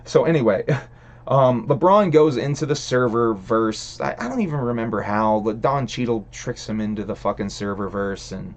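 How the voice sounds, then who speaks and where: A man's voice: mid-range voice, expressive, moderate pace. A man hosting a livestream, ranting in a casual, rambling way, swearing a lot and laughing between thoughts. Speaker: stream host.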